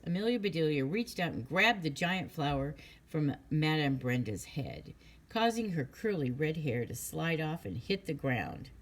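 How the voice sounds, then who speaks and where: A woman narrating a children's chapter book with a low voice. She tells the story in a clear, steady manner, easy to follow. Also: unhurried.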